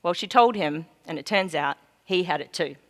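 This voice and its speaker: An Australian woman gives a keynote on stage, telling a personal story from the heart. She moves between full, ringing lines and near-hushed moments. Her voice carries a long hall reverb. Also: fairly low pitch, animated, normal speed. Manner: heartfelt, swings from loud to hushed. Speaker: keynote speaker.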